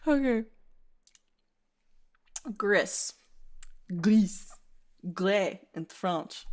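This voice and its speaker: A woman streamer chatting at an unhurried pace and breaking into giggles mid-sentence. She reads viewer entries aloud with playful drama, her voice sitting at an ordinary middle pitch. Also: sing-song. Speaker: VTuber streamer. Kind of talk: casual stream chat, reading viewer submissions aloud.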